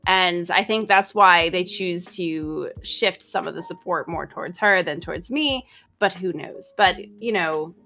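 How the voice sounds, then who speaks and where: A woman's voice: lowish voice, fairly bright tone. A woman guesting on a casual podcast chat, rambling and hesitant with plenty of fillers. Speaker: streamer guest.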